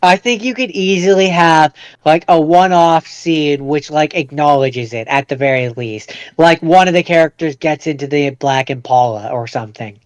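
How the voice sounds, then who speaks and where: A man co-hosts a casual podcast with a smooth, fairly high voice. He speculates aloud, repeating words as he works through ideas, recorded on a dry mic. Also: moderate pace, no echo. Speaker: podcast co-host. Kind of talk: casual chat.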